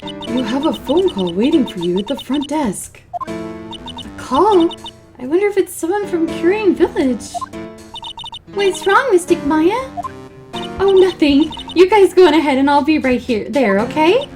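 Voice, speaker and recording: A woman's voice: high voice, expressive, measured pace, pitched above the performer's own voice. A woman voicing a cheerful, bubbly young woman in a perky manner. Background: game music.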